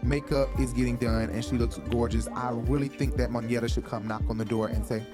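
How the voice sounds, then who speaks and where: Man, casual recap host, chatty, profane, mid-pitched voice. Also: steady tone, a little fast, music in the background. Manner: chatty, profane, laughing asides.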